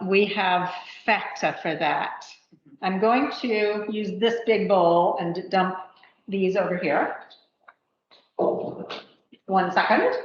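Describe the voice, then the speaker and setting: A woman with a mid-range voice leads a live cooking demonstration as an instructor, chatting and thinking aloud with plenty of fillers. The livestream audio is roomy, dull, and lo-fi, with a little hiss or hum.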